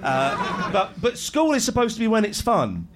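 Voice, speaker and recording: A man's voice: high voice, huge pitch swings, normal speed, music in the background. A middle-aged man in casual banter, jokey and rambling, laughing often as he talks.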